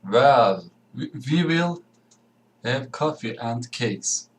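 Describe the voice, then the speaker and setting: A man's voice: mid-range voice, lively intonation, drawn-out words, slight background noise. A man reading aloud, voicing an impatient young businessman who speaks urgently and insistently.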